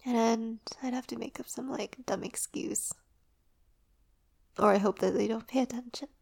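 A woman rambling casually in a relaxed, sleepy way while lying down, her voice soft and often dropping to a whisper. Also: fairly high pitch, normal speed, creaky, breathy edge. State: drowsy, lying down. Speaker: audio performer and creator.

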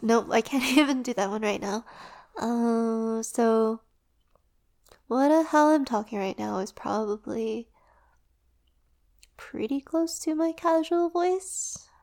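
A sleepy woman chats in a slow, unhurried ramble, her voice sitting a little on the high side. She keeps slipping into soft whispers as she lies back and relaxes. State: drowsy, lying down. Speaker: audio performer and creator.

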